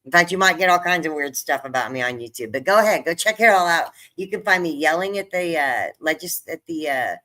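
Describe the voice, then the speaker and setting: A woman's voice: low-pitched, animated, fairly quick, hardly any pauses, pushed and bright. Chatty older woman hosting a livestream. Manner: chatty, emotional, laughs often. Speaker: livestream host. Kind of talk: casual live-stream chat.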